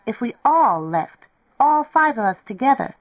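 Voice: medium pitch, very animated, moderate pace, no echo, pitched above the performer's own voice, lightly acted. A reader voicing an anxious young woman who pleads in a raised voice, over a tinny, dry radio recording. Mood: pleading.

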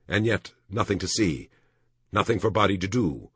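Deep husky guy reading an audiobook, lots of ups and downs, dead dry room. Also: expressive, moderate pace, fairly bright tone, dry recording. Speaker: audiobook narrator. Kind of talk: audiobook narration.

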